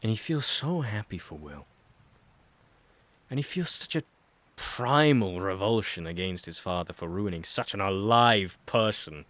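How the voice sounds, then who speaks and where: A man narrating an audiobook, reading a chapter of fan fiction in a steady, even storytelling manner. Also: on the low side, measured pace, no room sound.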